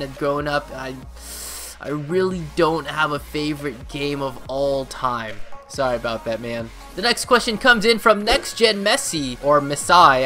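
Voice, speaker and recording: Young Canadian guy, casual Q&A host, slightly high and bright voice, rambling delivery. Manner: rambling, many fillers and restarts. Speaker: YouTuber answering viewer questions. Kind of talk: casual Q&A chat.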